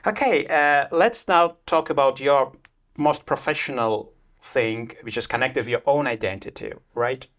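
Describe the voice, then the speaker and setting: A man whose first language is Russian puts playful questions in broken, stumbling English. His voice is rough and gravelly at a middle pitch, and he restarts his sentences often. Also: unhurried, fairly bright tone. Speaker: interviewer, host. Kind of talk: casual interview.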